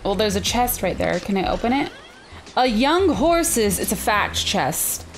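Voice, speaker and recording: Female let's-play host, excitable and squealy; unhurried delivery, very lively pitch. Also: a little hiss or hum. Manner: excitable, squealing reactions, narrates her own moves. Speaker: gaming channel host. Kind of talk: let's-play game commentary.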